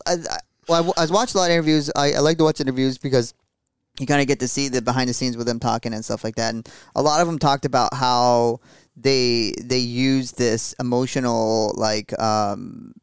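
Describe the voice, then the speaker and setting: A man co-hosting a podcast, talking quickly and easily, with lots of "like" and "you know.". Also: mid-range voice, steady tone, smooth, dry recording. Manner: quick, easygoing, says "like" and "you know" often. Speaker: podcast co-host. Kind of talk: casual chat.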